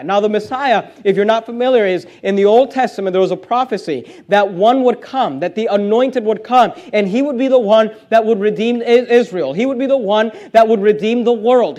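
A man's voice: sits high, normal speed, hardly any pauses, a little mellow. A man preaching a sermon, reading scripture aloud with emphatic stresses and plain conversational asides between readings.

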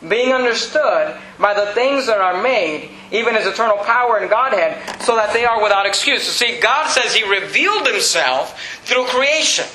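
A man's voice: animated, moderate pace, pushed and bright, slight background noise. A man preaching at a Bible study, emphatic, with many rhetorical questions and repeated phrases. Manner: emphatic preaching that rises in pitch; frequent rhetorical questions and repetition. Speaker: pastor. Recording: echoey room with faint ambience.

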